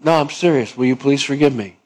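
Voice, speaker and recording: A man's voice: medium pitch, fairly quick, close to an everyday voice, rough recording. A man voicing a contrite man who humbly and earnestly asks for forgiveness. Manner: soft, earnest pleading.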